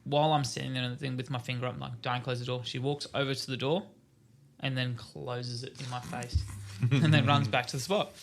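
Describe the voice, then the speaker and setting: A man's voice: mid-range voice, fairly even intonation, brisk, gravelly. An Australian man in his thirties chatting casually on a podcast, telling stories about his kids with lots of laughter. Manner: laughing storyteller, acts out his kids' lines. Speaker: podcast co-host. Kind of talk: casual chat.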